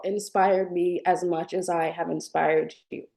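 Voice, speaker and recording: A woman hosting a live-streamed spiritual talk, gentle and affectionate as she speaks to her viewers and reads their chat. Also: lowish voice, fairly even intonation, moderate pace, few pauses. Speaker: spiritual channel host.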